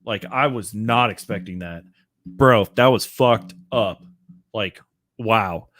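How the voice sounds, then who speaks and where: A man's voice: fairly low pitch, slow, a bit bright. Profane, rambling man hosting a rant. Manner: profane, rambling, filler-heavy. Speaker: podcast host. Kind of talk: casual rant.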